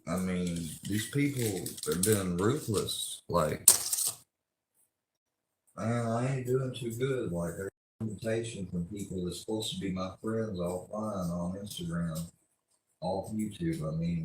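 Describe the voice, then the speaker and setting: Deep-voiced man ranting profanely. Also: a little mellow, reverberant, a little hiss or hum. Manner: angry, profane, rambling rant. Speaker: livestreamer. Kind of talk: ranting livestream monologue.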